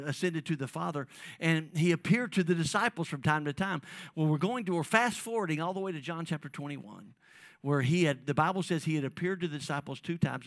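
A man preaching a sermon, calling on the congregation and swinging between loud emphasis and soft, drawn-out phrases. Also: on the high side, dry recording. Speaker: pastor.

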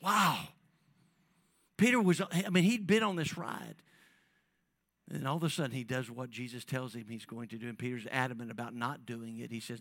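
A man preaching a sermon, calling on the congregation and swinging between loud emphasis and soft, drawn-out phrases. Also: mid-range voice, no echo. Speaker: pastor.

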